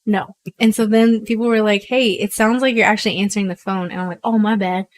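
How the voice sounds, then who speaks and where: A woman's voice: mid-range voice, steady tone, fast. A woman doing casual live commentary on a pool match, chatty and self-mocking, laughing often.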